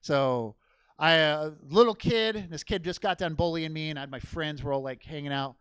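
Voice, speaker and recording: Young male stand-up, high-pitched, loud and rambling, swears a lot, dry close sound. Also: moderate pace, clear, resonant tone, dry recording. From Portland, Oregon. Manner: loud, rambling and profane, laughing at his own jokes. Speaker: stand-up comedian. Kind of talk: stand-up crowd work and storytelling. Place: comedy theater stage.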